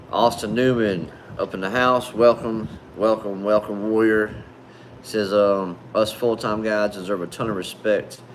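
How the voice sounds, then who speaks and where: A man with a deep, low voice chats casually on a livestream, greeting viewers with friendly, laid-back shout-outs. His speech is relaxed and conversational, peppered with "man" and "brother". A faint hum sits underneath. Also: a little slow. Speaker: livestream host. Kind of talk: casual livestream chat reading viewer comments.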